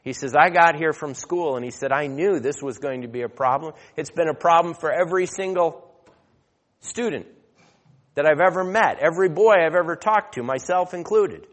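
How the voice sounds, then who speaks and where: A man preaching a sermon, telling a story and then growing loud and emphatic as he exhorts. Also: on the high side, moderate pace. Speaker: pastor. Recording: long hall reverb.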